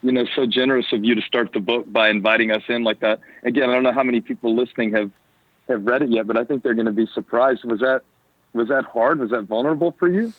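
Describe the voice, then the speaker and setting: A man's voice: mid-range voice, quick pace, no room sound. Southern guy pastor phoning in from his porch, teasing, tinny dry line. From American South. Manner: playful, teasing, chatty. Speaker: pastor, guest. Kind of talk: casual phone conversation. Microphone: phone call.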